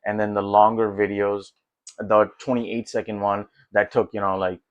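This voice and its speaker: A man with a fairly low voice chats through his tech test results in an easygoing, rambling way. He leans on fillers and restarts his sentences, sounding excited more than polished, and the dry recording has no room echo. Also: normal speed, clear, resonant tone, highs cut off. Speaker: tech vlogger. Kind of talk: casual walkthrough commentary.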